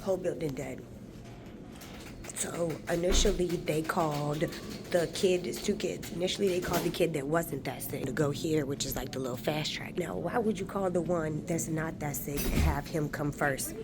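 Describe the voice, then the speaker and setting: In this angry vlog rant, a woman travel vlogger sits furious in a hospital emergency waiting room, swearing and letting off steam into her phone. She speaks at a normal speed in a low-sitting voice, with loud music playing behind her.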